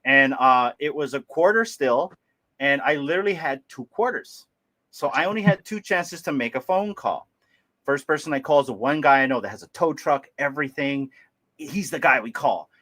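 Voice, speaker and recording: A man from Hawaii, hosting a livestream and telling a story in an animated way, laughing and acting out voices. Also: medium pitch, moderate pace. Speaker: livestream host. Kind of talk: casual storytelling.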